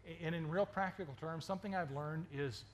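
A man's voice: on the high side, brisk, a little hiss or hum. A man preaching a sermon as a pastor, talking conversationally with many stammered restarts and questions to the congregation. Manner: asks the congregation questions and jokes.

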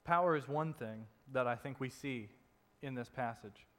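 Man preaching in a reverberant hall. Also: normal speed. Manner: conversational preaching, drops soft and low for emphasis. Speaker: pastor. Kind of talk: sermon.

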